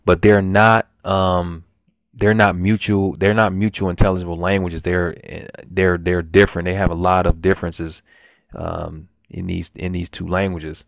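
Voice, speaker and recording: Man, low gravelly voice, dry close sound, rambling casual language lesson. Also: flat delivery, dry recording. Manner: rambling, halting, many restarts and fillers. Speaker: language teacher.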